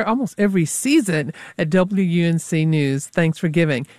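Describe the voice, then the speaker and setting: A woman's voice: on the low side, dry recording. A woman hosting a live radio pledge drive in a dry, close sound. She talks in a friendly, loose way and keeps coming back to the call-in number. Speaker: public radio fund drive host.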